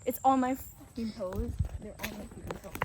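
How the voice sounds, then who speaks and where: A woman's voice: mid-range voice, moderate pace, noisy background. A young woman vlogging in casual chat outdoors, blunt and sarcastic, swearing often. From Philippines. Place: outdoors on a big rural property.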